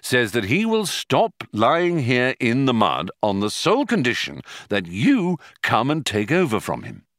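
A man's voice: medium pitch, wildly swooping pitch, measured pace, hardly any pauses, a bit bright, dry recording, clean studio sound, heavily acted. A man doing a sly, patient schemer. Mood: persuasive. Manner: coaxing, patiently persuasive.

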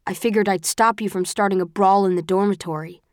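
A woman voicing a calm, tired, bookish young man in an audiobook, speaking in a steady, reasoning way that slides toward lecturing. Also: medium pitch, fast talker, no echo, studio quality, close to an everyday voice. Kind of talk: audiobook character voice.

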